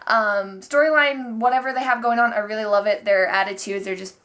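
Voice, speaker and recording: A young woman casually recapping wrestling, chatty and profane, often acting out the wrestlers in quick bits. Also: mid-range voice, a bit bright.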